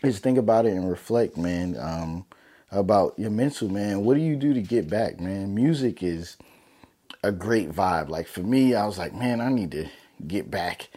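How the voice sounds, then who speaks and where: A man's voice: lowish voice, moderate pace, dark tone. A young man talking casually and earnestly to his viewers, loose and slangy, leaning on "man" and "you know.". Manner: loose, heartfelt, slangy, many fillers like "man". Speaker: vlogger. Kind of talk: casual motivational talk to camera.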